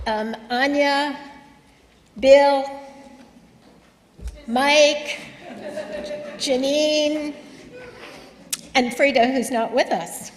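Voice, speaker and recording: A woman, board president, welcoming a congregation to its annual meeting, gently and with many ums. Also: high voice, fairly even intonation, very slow, long pauses. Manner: gentle and hesitant, with frequent ums. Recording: echoey hall with faint noise.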